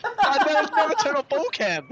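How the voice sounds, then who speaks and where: A man's voice: very high voice, huge pitch swings, normal speed, over a noisy crowd. A young man chatting while gaming with friends, rambling and giggling, often restarting his sentences. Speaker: gamer friend. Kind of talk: casual gaming chat with friends.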